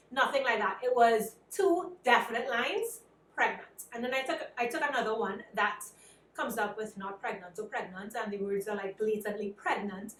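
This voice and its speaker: Animated Trinidadian woman, echoey room. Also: on the high side, normal speed, far from the mic. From Trinidad and Tobago. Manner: animated, self-described anxious, acts out quoted dialogue. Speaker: vlogger. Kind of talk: casual storytelling.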